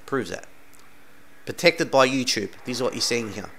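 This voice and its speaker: Man, bright voice, insistent, rambling commentary, keeps asking "right?". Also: medium pitch, lively intonation, a little fast, slight background noise. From Australia. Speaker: channel host commenting on videos. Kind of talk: casual reaction commentary.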